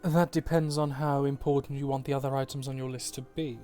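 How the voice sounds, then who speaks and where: A man's voice: mid-range voice, level tone, a little fast, dark tone, soft background music. A man running a tabletop game as game master over an online call, describing scenes in detail, laughing readily and swearing casually.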